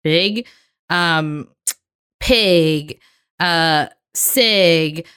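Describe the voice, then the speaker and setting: Female student, unhurried delivery, smooth tone, jokey and self-deprecating. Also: sits low, a bit bright. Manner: playful, self-mocking, laughs often. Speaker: student in a rhyming lesson. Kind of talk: casual chat.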